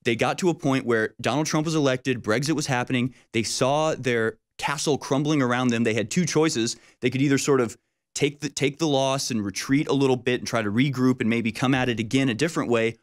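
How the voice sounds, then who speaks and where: A man's voice: medium pitch, brisk. A man hosting a casual political conversation, speaking emphatically and often repeating his words.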